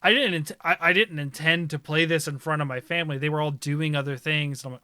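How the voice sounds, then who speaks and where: A man hosts a casual talk stream. His voice is bright and a bit higher, with a dry close sound, and he picks his words with care. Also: fast talker, clean tone, no room sound. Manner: thoughtful, rephrases himself. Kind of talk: casual chat.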